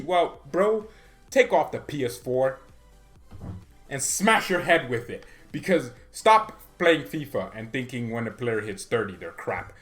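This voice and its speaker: A man's voice: medium pitch, lively intonation, normal speed, fairly bright tone, faint music behind. A man hosting a fan channel, giving casual football commentary in a joking, rambling, slangy way.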